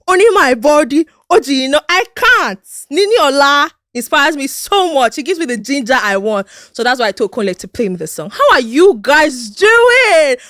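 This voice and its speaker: A woman's voice: high-pitched, sharp tone, no room sound, clean studio sound. A young Nigerian woman hosting her podcast, bubbly and hyped up, chatting casually on her own. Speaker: podcast host. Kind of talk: casual solo podcast chat.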